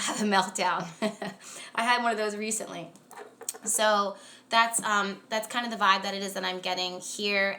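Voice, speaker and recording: A woman hosting a casual live astrology chat on a stream, talking chattily with lots of "like"s, quick laughs and emphatic rants. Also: mid-range voice, sharp tone. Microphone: phone or webcam on a live stream.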